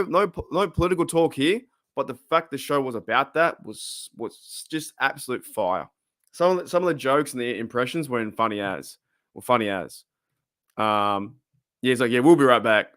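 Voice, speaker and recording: A man's voice: mid-range voice, normal speed, fairly bright tone, no echo, clean studio sound. A man with an Australian accent hosting a casual live stream, rambling and chatty, reading out chat and laughing often.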